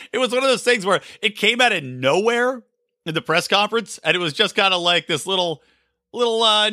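Animated ranting man. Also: fairly high pitch, no room sound, clean studio sound. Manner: ranting, sarcastic, swears freely. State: short on sleep. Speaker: podcast host. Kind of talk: solo political commentary.

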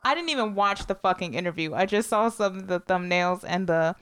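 A woman's voice: mid-range voice, animated, brisk, fairly bright tone, smooth, no room sound. A woman co-hosting a podcast in casual chat, blunt and chatty, breaking into sung song snippets. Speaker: podcast co-host.

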